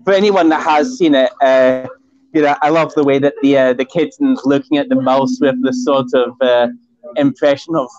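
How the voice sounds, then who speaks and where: A man's voice: mid-range voice, fairly even intonation, moderate pace, darkish tone, dull audio. A man with a Scottish accent, a guest in a casual online chat, talking with many fillers and restarts. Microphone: phone.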